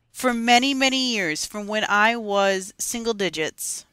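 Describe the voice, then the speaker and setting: A young adult woman co-hosting a casual gaming podcast, chatty and animated, with frequent giggles. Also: medium pitch, normal speed, clean tone, dry recording. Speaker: podcast co-host.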